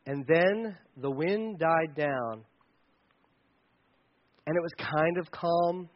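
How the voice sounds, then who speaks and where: A man preaching a sermon in a conversational, animated way, sometimes shouting for emphasis. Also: a little high, slow, muffled recording. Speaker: pastor.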